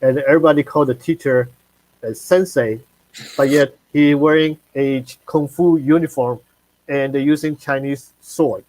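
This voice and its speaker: Livestream host man, halting delivery, mid pitch, dry sound over a video call. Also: fairly even intonation, darkish tone, no room sound, rough recording. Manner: halting, searching for words. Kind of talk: livestream interview.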